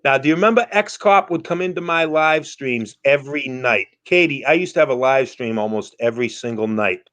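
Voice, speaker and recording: A man's voice: mid-range voice, brisk, a bit bright. A man hosting a casual online panel, telling a story in an emphatic, profane way. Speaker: live streamer hosting a panel.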